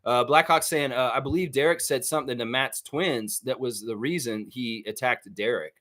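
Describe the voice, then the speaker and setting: Male host, casual live-stream banter, quick laughs, easygoing. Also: medium pitch, fairly bright tone. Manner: chatty, laughs often, sings snippets, many fillers. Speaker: sports livestream host. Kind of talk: casual live chat reading viewer comments.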